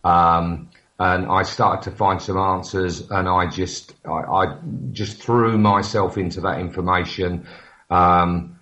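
Earnest male guest, deep, halting delivery, heard down a lo-fi call line. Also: steady tone, bright, forceful tone. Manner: earnest, hesitant with restarts and fillers. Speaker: radio show guest. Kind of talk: casual chat over a call. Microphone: internet voice call. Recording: dull, muffled call line.

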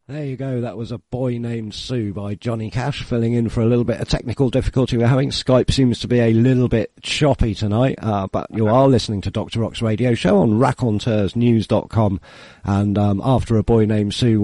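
A man's voice: fairly low pitch, warm tone, no room sound. A man hosting a radio show, easygoing and chatty in an informal way. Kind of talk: casual radio chat.

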